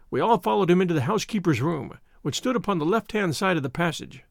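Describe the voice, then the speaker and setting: A man narrating a story in an expressive, dramatic reading. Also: high-pitched, fast, creaky, few pauses, no room sound, clean studio sound. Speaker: audiobook narrator. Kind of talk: scripted narration.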